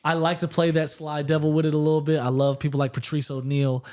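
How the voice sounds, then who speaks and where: Male comedian, casual interview talk, profane storytelling, somewhat high voice. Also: fast. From Puerto Rican roots, raised in the Bay Area. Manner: candid, profane, storytelling with lively asides. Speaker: stand-up comedian guest.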